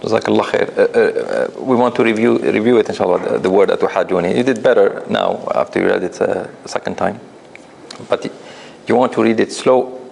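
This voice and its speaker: A man's voice: fairly low pitch, a little fast, creaky, slight background noise. A man teaching a tajweed class, correcting students' recitation with patient explanations. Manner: gentle corrective explanations with light laughs.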